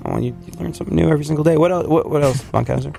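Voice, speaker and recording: A man hosting a radio show who grew up in England, chatting in an animated, rambling way and laughing often. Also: on the high side, racing, vocal fry, faint music behind. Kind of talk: casual radio banter. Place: radio studio.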